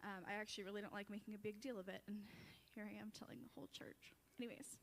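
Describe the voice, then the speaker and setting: A woman's voice: medium pitch, steady tone, racing, gravelly, long reverb tail. A young woman giving a chatty, self-deprecating farewell tribute at a church service, often breaking into laughter. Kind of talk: casual storytelling speech.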